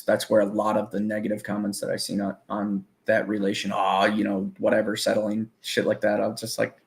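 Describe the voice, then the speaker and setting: Man, gravelly voice, low pitch, rambling, profane, laughs often. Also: a little mellow. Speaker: guest musician. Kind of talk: casual profane chat.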